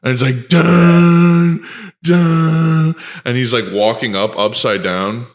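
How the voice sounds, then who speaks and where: On a casual podcast, a male co-host with a lowish voice speaks at a moderate pace. His storytelling is loose, animated and full of profanity, and he performs the lines he quotes.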